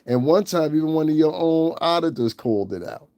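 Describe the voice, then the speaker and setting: A man's voice: on the high side, animated, a little fast, mellow, dry recording. A man hosting his own channel, giving blunt, profane and scornful commentary. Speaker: channel host. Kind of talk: ranting livestream commentary.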